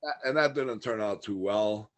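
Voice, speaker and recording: A man's voice: fairly low pitch, moderate pace. Candid man recounting a long ordeal. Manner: candid, matter-of-fact retelling of a long ordeal. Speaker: podcast guest. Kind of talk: casual interview storytelling.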